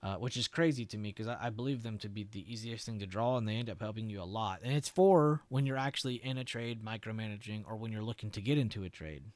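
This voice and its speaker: A man's voice: lowish voice, quick pace, few pauses, dry recording. A young man hosting a live trading stream, chatting casually with viewers and walking them through charts. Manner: relaxed, chatty, swears and laughs, answers viewers.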